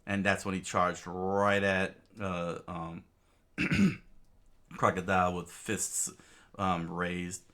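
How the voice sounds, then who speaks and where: A man's voice: low-pitched, little pitch movement, slow pace, bright, forceful tone. A man casually reading a comic aloud, hesitant, with many fillers and self-corrections. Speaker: reader.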